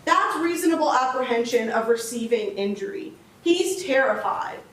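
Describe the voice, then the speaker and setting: A woman prosecutor walks a jury through the law step by step, stressing each point with emphasis. Her voice sits somewhat high. She is picked up from a distance in an echoey courtroom, with faint noise underneath. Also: animated, normal speed. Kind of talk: closing argument to a jury.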